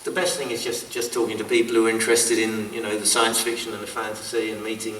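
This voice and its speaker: A man's voice: fairly low pitch, little pitch movement, quick pace, a bit bright, a little hiss or hum. A man from North London chatting as a convention panel guest, friendly and eager, recorded at a distance in an echoey hall. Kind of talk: casual panel chat.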